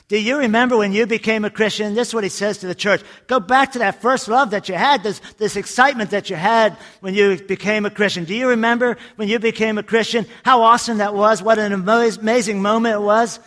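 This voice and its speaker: A man with a high-pitched voice preaches a lively sermon. He tells jokes and stories and hammers his points home with repetition. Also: fairly quick. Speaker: pastor.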